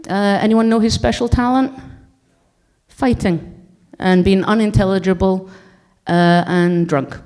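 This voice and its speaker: A woman's voice: mid-range voice, steady tone, measured pace, darkish tone, clear, resonant tone. A Scottish woman in her forties gives a conference talk to an audience in a blunt, wry, joking manner. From Scotland. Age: 40s. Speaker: conference speaker.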